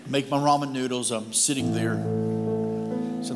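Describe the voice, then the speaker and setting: A man's voice: medium pitch, steady tone, unhurried. Male guest preacher telling stories. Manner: humorous, anecdotal, conversational delivery. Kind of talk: storytelling sermon. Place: church. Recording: long hall reverb with music behind.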